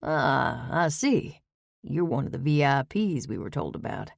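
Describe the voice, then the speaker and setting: A woman voicing a charming, laid-back male chef with a slow, courtly Southern drawl in an audiobook. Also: deep voice, very animated, vocal fry, no echo, clean studio sound, heavily acted. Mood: easy charm. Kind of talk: audiobook character voice.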